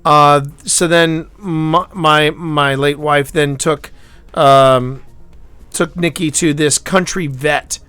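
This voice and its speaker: A man hosting a live stream, chatting casually and telling a rambling story with halting restarts, swinging from loud to hushed. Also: on the high side, steady tone, smooth, no echo, soft background music. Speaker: livestream host.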